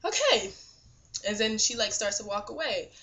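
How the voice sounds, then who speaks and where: A young woman vlogger retelling a dream in casual, animated storytelling, laughing often and saying "like" a lot. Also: mid-range voice, fairly quick.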